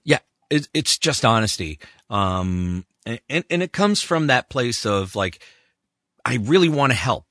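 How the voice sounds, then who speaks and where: A middle-aged male voice actor with a bright, forceful tone tells stories with animated energy. His voice is close and dry, with no room sound around it, and he keeps slipping into quick impressions. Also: medium pitch, dry recording. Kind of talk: storytelling in an interview.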